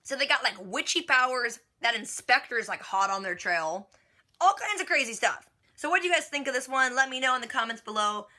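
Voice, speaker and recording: A woman's voice: high-pitched, animated, brisk, pushed and bright. A young woman casually recapping a TV episode, slangy and chatty, with "like" sprinkled everywhere. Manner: chatty, slangy, filler "like" throughout. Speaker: TV reaction vlogger.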